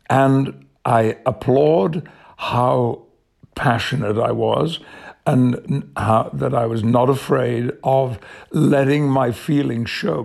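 An older man with an English accent, an actor guest in a radio interview, speaking in a measured, thoughtful way. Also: mid-range voice, a little mellow. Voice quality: gravelly and husky. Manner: measured, thoughtful, reflective storytelling.

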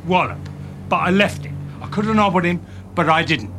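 An actor playing a hard, menacing working-class ex-convict, speaking with a thick Cockney accent and street slang from a film scene. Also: male voice, high voice, background noise. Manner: street slang, slow, threatening. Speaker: film character.

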